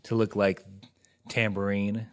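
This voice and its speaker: A man's voice: on the low side, flat delivery, slow, clear, resonant tone. A man co-hosting a podcast, riffing playfully and swearing casually. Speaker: podcast co-host. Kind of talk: casual chat.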